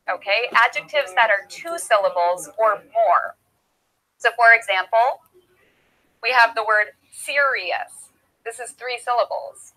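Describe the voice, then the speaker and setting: Woman English teacher, slightly high voice, patient with simple examples, tinny recording. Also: pushed and bright. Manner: patient, demonstrates with props and repeats examples. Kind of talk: slow, clear classroom explanation.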